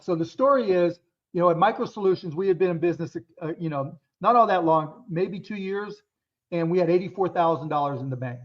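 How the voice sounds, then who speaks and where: A candid man in his fifties answers interview questions with frank, profanity-laced stories. His voice sits notably high for a man. The recording is dull and lo-fi. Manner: blunt, candid, swears freely. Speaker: guest entrepreneur. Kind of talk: casual interview storytelling. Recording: dull lo-fi sound.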